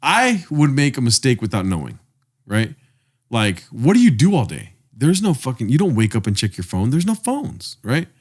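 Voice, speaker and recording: A man's voice: mid-range voice, wildly swooping pitch, normal speed, breathy edge. A man co-hosting a podcast in casual chat, telling crude, rambling joking stories. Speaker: podcast co-host.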